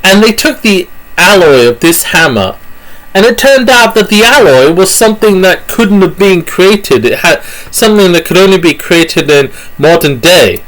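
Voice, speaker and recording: A British man riffs through a comic monologue, his voice sitting a little high. He rambles loosely and corrects himself as he goes, with lots of filler words. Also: animated, normal speed, fairly bright tone, rough recording. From Britain. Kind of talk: comic rambling monologue about pictures on screen.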